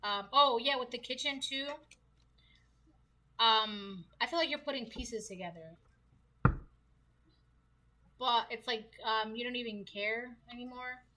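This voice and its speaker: A woman's voice: fairly high pitch, a little slow, pauses often, sharp tone, low-quality recording. A woman giving a casual tarot reading to her viewers, chatty and repetitive, often asking rhetorical questions. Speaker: tarot reader.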